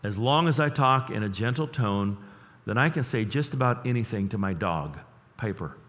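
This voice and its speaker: A man preaching a sermon as pastor, earnest and emotional, dropping to a hush and then rising loud, repeating words as he builds up. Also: on the low side, lively intonation, moderate pace. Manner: earnest, emotional, swings between hushed and loud. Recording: long reverb of a large hall.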